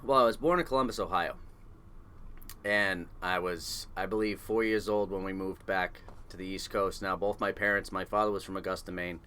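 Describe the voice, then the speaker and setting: A man in his forties from coastal New England talks in a low voice with a bright, forceful edge. He spins loose, profane fishing anecdotes in a relaxed interview. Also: normal speed, slight background noise. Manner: salty, swears freely, loose anecdotal telling. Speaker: guest, fishing boat chief engineer. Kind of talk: casual interview storytelling.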